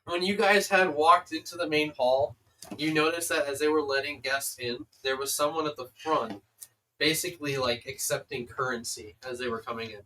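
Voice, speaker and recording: A man's voice: fairly high pitch, fairly even intonation, normal speed, pushed and bright, distant mic, slight background noise, low-quality recording. A man narrating as game master of a tabletop game, rambling with many fillers.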